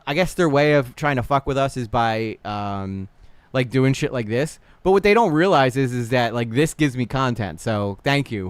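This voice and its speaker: A man hosting a casual livestream reaction, animated and blunt, swearing freely while talking to his chat. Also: mid-range voice, clear, resonant tone, no echo. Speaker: livestream host.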